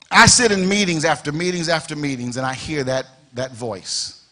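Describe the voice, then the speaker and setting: High, bright-voiced preaching pastor. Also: male voice, expressive, moderate pace. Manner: rhetorical questions, repeats phrases, builds to shouted emphasis. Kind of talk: preaching a sermon. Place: church sanctuary.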